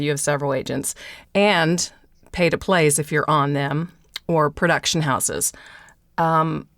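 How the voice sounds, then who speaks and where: Low, slow, smooth-voiced woman host. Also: dry recording, studio quality. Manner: thoughtful, searching for words. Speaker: podcast host. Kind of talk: interview questions.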